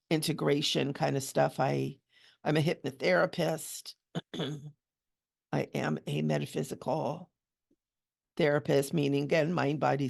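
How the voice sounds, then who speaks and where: A woman hosting a relaxed coloring tutorial, chatting gently and cooing over small details as she works. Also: deep voice, vocal fry. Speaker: coloring channel host and hypnotherapist.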